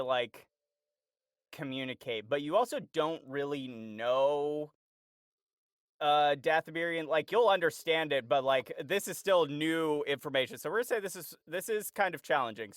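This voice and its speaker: A man's voice: fairly high pitch, fairly bright tone, dry recording, clean studio sound. A man running a tabletop game as game master, narrating in a hesitant way with many fillers and frequent laughter.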